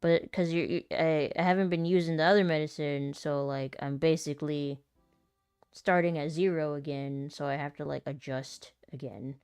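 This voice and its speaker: A woman's voice: low voice, little pitch movement, moderate pace, a little mellow, smooth, dry recording, soft background music. Laughing, rambling woman chatting casually. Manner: rambling, self-deprecating, laughs often. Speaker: voice actor and content creator. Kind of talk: casual chat while rehearsing.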